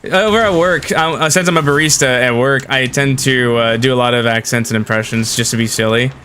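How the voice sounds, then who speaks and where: A man's voice: medium pitch, fairly quick, bright, forceful tone, slight background noise. A young man chatting casually with viewers while he livestreams a game, rambling in a friendly way. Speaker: game streamer. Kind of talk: casual live-stream chat while gaming.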